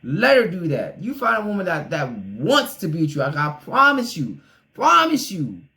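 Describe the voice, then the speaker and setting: A man's voice: a little high, wildly swooping pitch, moderate pace, sharp tone, poor audio. A man hosting a casual reaction video, blunt and opinionated, talking straight to the person he reacts to.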